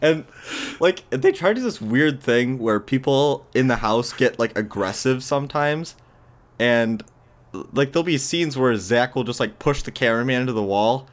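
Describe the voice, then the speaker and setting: A man's voice: mid-range voice, lively intonation, moderate pace. A man co-hosting a podcast in casual chat, retelling events with disbelief and many "like"s. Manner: incredulous storytelling, lots of "like". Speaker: podcast co-host.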